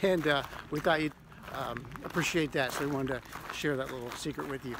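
A man from Ohio co-hosting a casual chat, halting with lots of fillers and laughs. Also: mid-range voice, background noise. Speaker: co-host.

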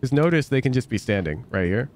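A man's voice: medium pitch, lively intonation, fast talker, a little hiss or hum. A man coaching over a gameplay review, blunt and emphatic, casual and sweary, repeating phrases for sarcastic effect. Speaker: game coach.

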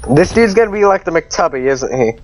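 A man commentating a horror game, jumpy and swinging from muttering to panicked yelling, his voice cracking from screaming. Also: fairly high pitch, lively intonation, a little fast, low-quality recording. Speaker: let's play gamer.

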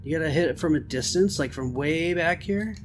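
A man giving excitable let's-play commentary on a horror game, swearing and talking to the game. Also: on the high side, a little fast, a little hiss or hum. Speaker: gamer.

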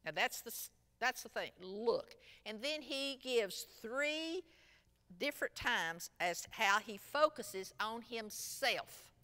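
A woman teaching a Sunday school lesson, retelling a parable in an expressive storytelling way. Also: a little high, slow, clear, resonant tone. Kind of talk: Bible lesson. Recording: long echo from a large room.

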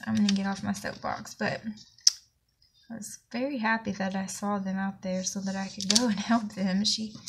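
A woman's voice: mid-range voice, gravelly, very noisy. A woman with a Southern US accent telling a long indignant story in a chatty vlog, slightly out of breath. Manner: chatty, indignant rambling anecdote. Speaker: planner vlogger.

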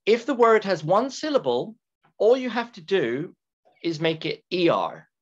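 A male English teacher gives a recorded grammar lecture at a very unhurried pace, repeating and drawing out key words so students can follow. The sound is dull and lo-fi, with keyboard typing now and then. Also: sits high, very animated. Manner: slow, deliberate, repeats key words and stretches them for emphasis.

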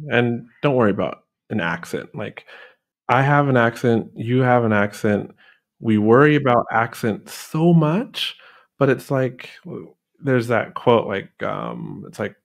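A man hosting a podcast, telling anecdotes in a relaxed, laughing conversational way. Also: mid-range voice, creaky. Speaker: podcast host. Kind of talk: casual conversation.

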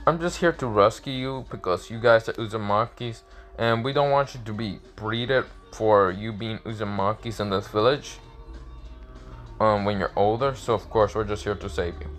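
A man's voice: on the low side, moderate pace, soft background music. Rambling young man retelling a story. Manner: rambling, full of fillers and restarts, jumps into excited character quotes. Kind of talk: casual fan-fiction storytelling.

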